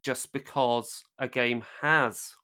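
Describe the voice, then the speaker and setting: A man's voice: mid-range voice, steady tone, slow pace, bright, forceful tone. A man co-hosting a podcast, chatting casually about running tabletop games, rambling a little with fillers and self-corrections. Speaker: podcast co-host.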